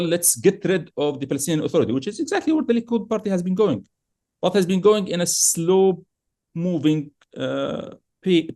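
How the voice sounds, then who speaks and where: A man giving political commentary on a podcast, emphatic and at times heated, with frequent fillers and restarts. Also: on the high side. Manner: emphatic, grows heated and animated. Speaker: podcast guest analyst.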